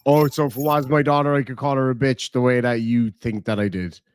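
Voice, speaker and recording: A man's voice: mid-range voice, steady tone, fairly quick, clean tone. A man with an Irish accent chatting casually on a live stream, crude and joking. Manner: crude, joking, insults freely.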